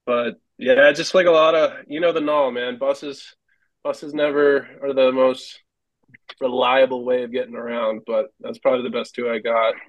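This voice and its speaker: A man's voice: mid-range voice, flat delivery, normal speed, no room sound, lo-fi sound. A man, a former hockey goalie, telling rambling stories as a podcast guest and laughing often. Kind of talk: casual storytelling.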